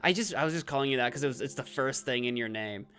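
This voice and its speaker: A man talks through his gameplay on a live stream, thinking aloud and answering viewers in chat. His voice sits in an ordinary middle pitch, and he is quick to make fun of himself. Soft game music plays faintly behind him. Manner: chatty, self-deprecating, reads chat aloud.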